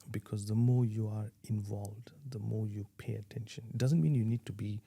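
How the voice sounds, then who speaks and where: Gravelly low-voiced man giving advice. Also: fairly even intonation, moderate pace, dark tone. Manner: earnest, advising, with repeated restarts. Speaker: parenting guest. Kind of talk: conversational interview answers.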